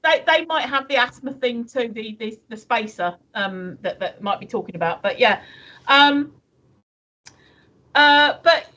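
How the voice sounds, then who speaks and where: High-voiced rambling woman streamer. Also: animated, pushed and bright, highs cut off. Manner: rambling, halting, with many restarts and laughs. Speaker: co-host of a live stream. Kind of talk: casual chat reading viewer comments.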